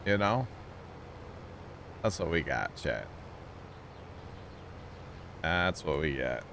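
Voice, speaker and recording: A man's voice: extremely low pitch, sing-song, extremely slow, gravelly, fairly bright tone, a little hiss or hum. A man streaming a farming game, chatting casually and rambling with lots of fillers. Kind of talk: casual livestream chat while gaming.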